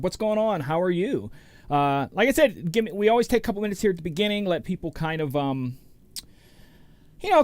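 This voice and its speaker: A man's voice: high voice, clear, resonant tone, dry recording. Chatty DJ host, a man with a dry, close sound. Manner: rambling, chatty, greets viewers by name. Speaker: DJ and show host. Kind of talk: casual livestream chat.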